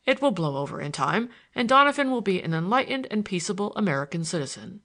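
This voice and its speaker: A woman voicing a gentle, sympathetic priest who speaks earnestly with mild humour. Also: mid-range voice, sing-song, fast talker. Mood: consoling. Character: gentle middle-aged priest, sympathetic and kind.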